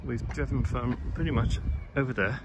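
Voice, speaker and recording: A man chatting casually through a travel vlog, explaining each step of the trip in a relaxed, chatty way. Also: normal speed, noisy background. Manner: chatty, talks to the dog in an excited higher voice. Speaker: vlogger.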